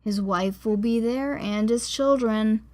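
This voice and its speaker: Brief: woman narrator doing a worn-out, kind gym teacher in an audiobook, slow and patient, slightly high. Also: a little mellow, lightly acted. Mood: weary gentle. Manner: tired, soothing, patient.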